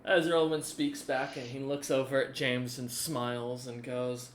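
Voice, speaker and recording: A man's voice: medium pitch, flat delivery, slight background noise. Guy narrating his tabletop game, lots of ums, sounds echoey. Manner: rambling, halting description with fillers. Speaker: game master. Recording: echoey room.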